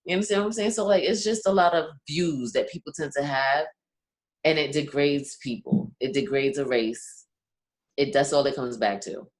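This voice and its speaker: A woman's voice: low voice, normal speed. A young Caribbean-born woman co-hosting a casual podcast, making her point earnestly and often checking that she is understood. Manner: earnest, keeps asking "you understand what I'm saying?". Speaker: podcast co-host.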